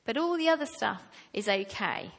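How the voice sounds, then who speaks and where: A woman preaching a sermon to her church, slow and deliberate, rising to emphatic passages. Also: on the high side, expressive, gravelly, fairly bright tone. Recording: long reverb of a hall.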